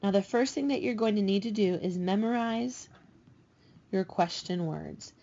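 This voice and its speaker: A woman teaching a recorded language lesson, patiently explaining and slowing down to spell out each example. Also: mid-range voice, warm tone. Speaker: Spanish teacher. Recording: dull lo-fi recording.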